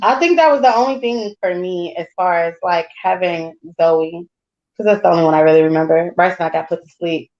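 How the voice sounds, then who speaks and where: A woman co-hosting a casual chat, telling birth stories in an animated, laughing way. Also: fairly low pitch, fairly quick. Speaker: podcast co-host. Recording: dull lo-fi sound.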